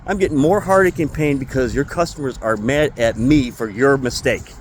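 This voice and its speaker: A man in an angry, profane rant about his job, talking in an ordinary mid-pitched voice. Faint traffic sound hangs behind him outdoors near a car. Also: moderate pace. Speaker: retail store employee. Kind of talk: venting vlog.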